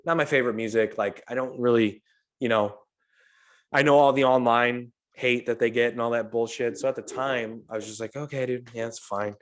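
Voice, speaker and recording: Here a male podcast host talks fairly quickly at a medium pitch, recounting a long, profane party tale in a relaxed chat. He comes from St. Louis, USA, and animatedly acts out what others said.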